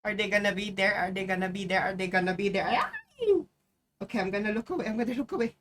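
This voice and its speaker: A woman's voice: medium pitch, steady tone, very fast, a bit bright, slight background noise. A young adult woman streaming live, chatting casually over gameplay, rambling, swearing freely and breaking into sudden outbursts.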